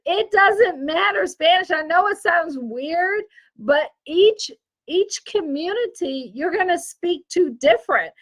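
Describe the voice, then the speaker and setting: A woman's voice: extremely high pitch, poor audio. A woman with a Southern American accent giving a casual, emphatic teaching talk as an online business coach, often repeating and correcting herself. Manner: lively, repetitive, emphatic, self-correcting.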